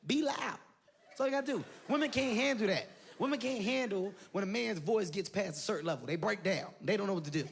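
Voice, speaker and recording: High pitched guy yelling jokes on stage, crowd laughing, noisy live recording. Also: a little fast, creaky. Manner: loud, animated, shouting punchlines over crowd laughter. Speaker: stand-up comedian. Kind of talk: stand-up comedy. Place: large venue with laughing audience. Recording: live show with loud crowd and noise.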